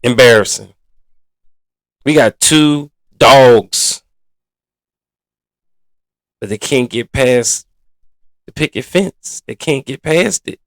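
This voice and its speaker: A man's voice: medium pitch, slow pace, long pauses, no room sound. A man hosting a sports podcast in a casual, blunt and exasperated manner, full of colloquial slang. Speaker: podcast host.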